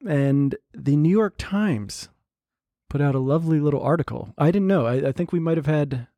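Podcast guy chatting loose, lots of restarts, mellow tone, dry close sound. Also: on the high side, dry recording. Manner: halting, many restarts and fillers. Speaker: podcast co-host. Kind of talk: casual chat.

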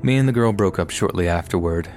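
A man reading scary stories aloud as a scripted narration, in a steady storytelling delivery. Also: sits low, fast talker. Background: faint background music.

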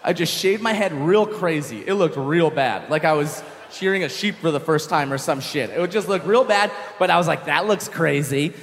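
A young man doing a stand-up comedy set, telling a story with animated delivery and shouted punchlines. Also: a little high, moderate pace, hardly any pauses, long reverb tail, a little hiss or hum. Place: comedy stage with live audience.

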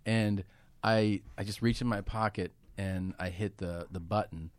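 A man telling stories as a comedian guest on a studio podcast, animated and full of filler words. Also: on the low side, unhurried, smooth. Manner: animated storyteller, many filler "like"s. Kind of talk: casual podcast chat.

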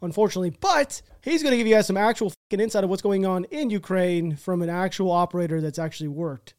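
A man's voice: high voice, quick pace, a little mellow. A man hosting a podcast, chatting casually with swearing and self-mocking asides. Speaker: podcast host. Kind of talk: casual conversation. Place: small room in a house.

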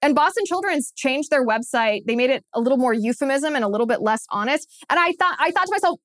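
A woman's voice: sits high, animated, fast talker, hardly any pauses, no room sound, studio quality. Scornful, emphatic woman podcast host. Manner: scornful, mocking; emphatic, repeats phrases for effect. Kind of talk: opinionated political commentary.

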